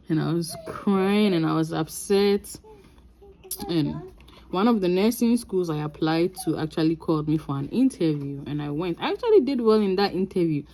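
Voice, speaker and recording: A woman with a Ghanaian accent telling a story from her own life in a casual vlog, animated and laughing often. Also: lowish voice, moderate pace, pauses often. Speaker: crafting vlogger.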